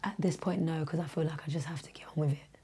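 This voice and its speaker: Young woman, voice going hoarse, chatty podcast guest telling lively stories. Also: deep voice, fast. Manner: animated storyteller, shouts when quoting herself. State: losing her voice, hoarse. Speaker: guest, teacher and singer. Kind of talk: casual podcast chat.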